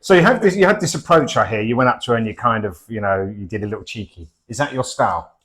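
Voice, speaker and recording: A man's voice: lowish voice, lively intonation, fast talker, a bit bright. A man with a Portsmouth English accent, bantering and teasing with dry quips in a comic sketch. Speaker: comedy double-act host.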